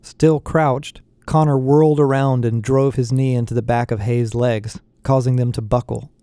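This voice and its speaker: A man narrating a first-person novel aloud in a steady reading voice. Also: mid-range voice, moderate pace, smooth, dry recording, clean studio sound. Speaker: audiobook narrator.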